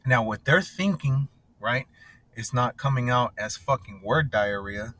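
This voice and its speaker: A man's voice: mid-range voice, measured pace, sharp tone. Profane, blunt man preaching scripture. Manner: blunt and profane, tags lines with "right?" and "bro". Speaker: scripture teacher. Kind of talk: casual profane scripture teaching.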